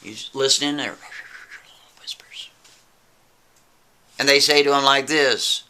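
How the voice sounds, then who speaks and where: A man's voice: fairly low pitch, unhurried, long pauses, pushed and bright. A man telling a spooky story in a casual way, often checking in with the listener. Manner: casual, keeps asking "right?".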